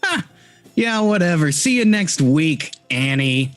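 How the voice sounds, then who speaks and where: A man's voice: on the high side, very animated, unhurried, faint music behind, voice pushed up. A man voicing a smug, mocking jail cop in a tabletop game. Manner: smirking, mocking.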